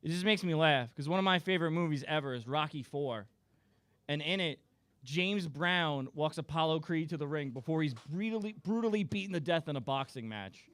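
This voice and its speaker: A man's voice: on the high side, fairly quick, fairly bright tone, dry recording. A young man doing a rambling, crude, self-deprecating stand-up roast set. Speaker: stand-up comedian.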